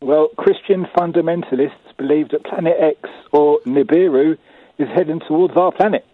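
A man's voice: a little high, moderate pace, breathy edge, dry recording. Chuckling man on a tinny line. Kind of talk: casual radio chat.

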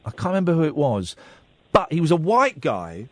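A man in his forties hosts a late-night radio show, his pitch leaping about as he rambles along wryly and pokes fun at himself. The studio sound is close and dry. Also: wildly swooping pitch, fairly quick, dry recording. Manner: wry, rambling, self-mocking. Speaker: radio talk show host.

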